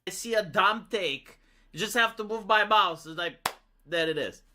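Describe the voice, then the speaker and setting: A man's voice: sits high, normal speed, a crowd in the background. A man giving casual, profane opinion commentary in a clip, rambling with fillers. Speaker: commentator in a played video.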